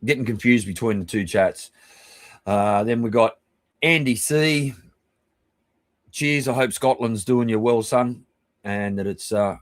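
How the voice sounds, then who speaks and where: An Australian man hosting a live stream, giving rambling, chummy shout-outs to viewers and swearing casually. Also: fairly low pitch, no echo. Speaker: livestream host.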